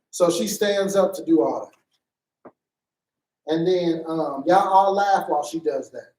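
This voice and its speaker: A man directing a stage play rehearsal, giving blocking notes and acting out lines in an animated way. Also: takes it slowly, long pauses, recorded from a distance. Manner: animated, acts out lines in a higher voice. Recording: echoey room, voice away from the mic.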